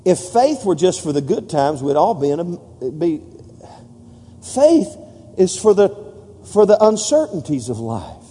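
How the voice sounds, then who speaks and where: A man's voice: sits high, very animated, a little slow, warm tone, breathy edge. A man preaching a sermon, leading the congregation in call-and-response and building to emphatic peaks. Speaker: pastor. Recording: long hall reverb.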